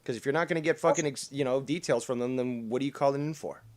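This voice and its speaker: A man's voice: medium pitch, fast. A man hosting a live drama talk show, ranting heatedly and swearing freely. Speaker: stream show host.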